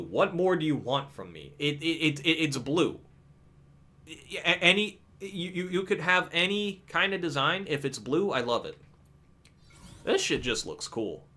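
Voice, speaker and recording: Animated, swearing young gamer guy. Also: fairly high pitch, measured pace, pauses often. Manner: animated, profane, stumbling restarts. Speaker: gaming video creator. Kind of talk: casual gaming vlog commentary.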